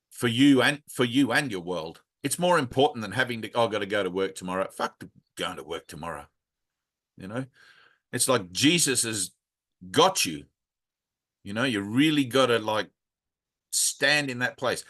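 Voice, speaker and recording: A man's voice: mid-range voice, fairly bright tone. A man leading a casual spiritual talk, speaking bluntly and frankly, swearing freely, and wandering through asides. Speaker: spiritual teacher leading a satsang.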